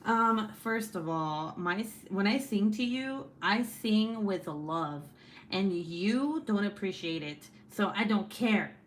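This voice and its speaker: A young woman hosting a casual livestream, reading chat and teasing her sister with loud, swearing jokes and frequent laughs. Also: medium pitch, lively intonation, slow pace, a little hiss or hum. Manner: loud, joking, swears a lot, laughs often.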